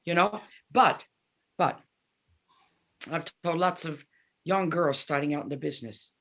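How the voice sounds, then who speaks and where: Gravelly seventy-year-old woman telling stories. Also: sits low, unhurried. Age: 70s. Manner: animated storyteller, acts out dialogue. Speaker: guest musician. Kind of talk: casual interview chat.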